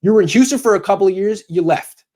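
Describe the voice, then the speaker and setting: A man's voice: high voice, fast talker, a little mellow. A man doing sports opinion commentary, bluntly lecturing a coach directly in the second person.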